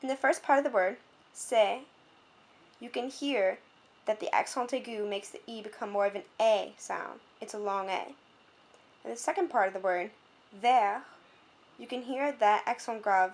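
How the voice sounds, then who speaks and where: A young woman tutoring French in a homemade video lesson, explaining clearly and stopping now and then to adjust her camera. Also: mid-range voice, normal speed.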